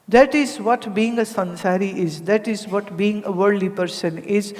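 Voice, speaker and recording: A woman from India gives a spiritual discourse to a gathered audience. She keeps it conversational, tossing out rhetorical questions and slipping into the voices of the people in her stories. Her voice has a middling pitch and rings with a long reverb from a large hall. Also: moderate pace, hardly any pauses, a little mellow. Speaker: spiritual teacher.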